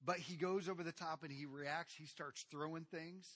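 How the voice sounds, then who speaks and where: A man preaching a sermon to his congregation, addressing them directly and swinging from quiet asides to loud, animated retellings. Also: a little high, normal speed. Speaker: pastor.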